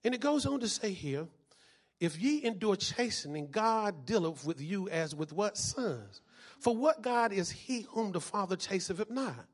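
A male pastor preaching a sermon, reading scripture and calling out questions for the congregation to answer, rising to shouts at times. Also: sits high, expressive. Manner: reads scripture slowly, then builds to shouted preaching; call-and-response, asks congregation "what?".

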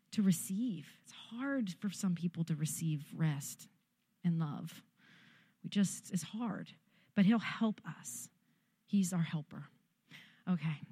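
A woman's voice: medium pitch, warm tone, no room sound, studio quality. A middle-aged woman pastor, giving a conversational, encouraging sermon straight to her congregation.

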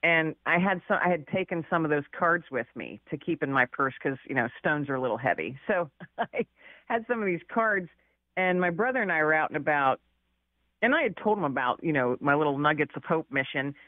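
A woman's voice: deep voice, animated, fairly quick, no room sound, narrow, tinny audio. A woman guest author telling a personal story in a chatty, casual way, laughing often and using many fillers.

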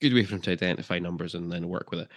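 A chatty podcast co-host with a low voice talks rapid-fire in a casual football podcast conversation. He's jokey and drops in filler ums as he goes.

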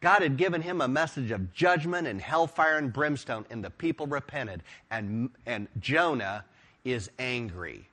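Man pastor giving a sermon, mid-range voice, lively storytelling, punchy emphasis. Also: mid-range voice, unhurried. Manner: emphatic, expressive storytelling preaching.

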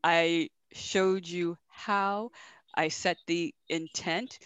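A woman's voice: fairly low pitch, fairly even intonation, very slow, fairly bright tone, smooth, no echo, dull audio. Woman spiritual teacher, rhythmic repeater, dry close sound. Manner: rhythmic, repeats words, laughs often.

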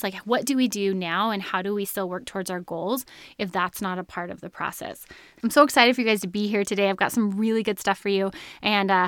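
A young woman hosting a podcast, telling a personal story in a casual, animated way and laughing often as she talks. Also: mid-range voice, smooth, dry recording, clean studio sound. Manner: chatty, animated, laughs often mid-sentence. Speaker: podcast host.

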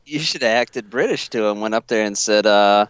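A man's voice: lowish voice, moderate pace, fairly bright tone, clear, resonant tone, no room sound, lo-fi sound. A man co-hosting a podcast, casual and laid-back, mostly reacting with short replies and laughs. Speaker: podcast co-host. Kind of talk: casual chat.

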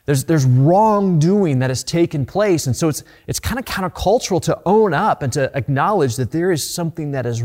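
A man's voice: on the high side, darkish tone. A man preaching a sermon as a pastor, earnest and direct, often repeating words as he presses a point.

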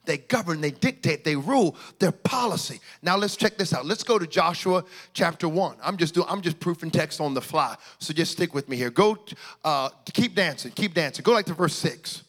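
A male pastor preaching a sermon, shouting in sing-song bursts and then dropping to quiet asides. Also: a little high, animated, normal speed.

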